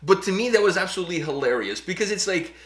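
Animated man chatting in an echoey room. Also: high-pitched, fast. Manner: animated, repeats and restarts phrases. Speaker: reaction channel co-host. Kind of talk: casual reaction chat.

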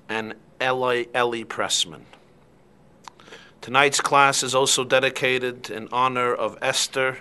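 A man, a rabbi, giving an evening class and telling stories in an animated way. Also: medium pitch, smooth. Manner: animated storyteller. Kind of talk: lecture with storytelling.

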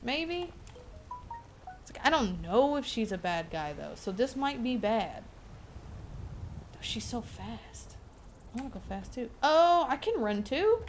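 A woman's voice: a little high, very animated, a little slow, long pauses, slight background noise. A young woman streaming a game, chatting playfully to herself and to the game characters. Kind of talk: casual gameplay commentary.

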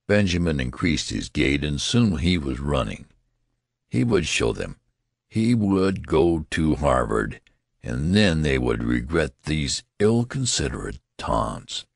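A man giving a measured, steady scripted narration of an audiobook. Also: very deep voice, creaky, no echo, studio quality.

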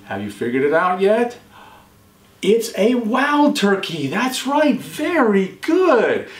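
A man hosting a children's show, quizzing young viewers and praising each answer warmly. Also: wildly swooping pitch, slow. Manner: encouraging, praises often, pitch jumps on answers. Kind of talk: quiz for children. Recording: echoey room.

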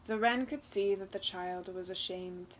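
A woman reading a children's storybook aloud, expressive and unhurried. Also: mid-range voice, a little hiss or hum. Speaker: children's book reader.

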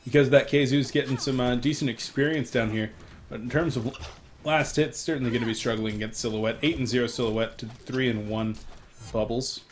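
A young man casting a live esports match alone, excitable in fights and stopping to apologize to viewers for his hiccups. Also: a little fast, a little hiss or hum. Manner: excitable, rises sharply in loudness and pitch during fights. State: has the hiccups. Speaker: esports caster. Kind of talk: solo live game commentary.

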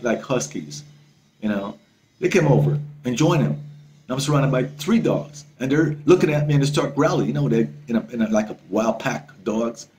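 A male travel vlogger telling a story to camera in a casual, excitable way, swearing freely and repeating himself. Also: mid-range voice, a little hiss or hum.

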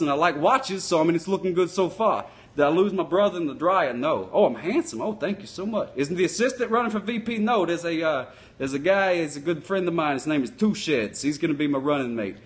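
A man's voice: on the high side, natural voice. A man doing a folksy sock-puppet cop. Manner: folksy, rambling, loose grammar. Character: folksy male sock-puppet patrol cop, speeder-obsessed. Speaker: live-stream host. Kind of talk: comic live-stream chat answering viewers.

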